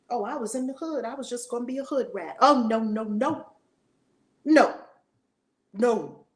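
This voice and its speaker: A woman's voice: lowish voice, darkish tone. A woman in her forties teaching a spiritual lesson in a fiery, preacher-like way, acting out voices. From United States.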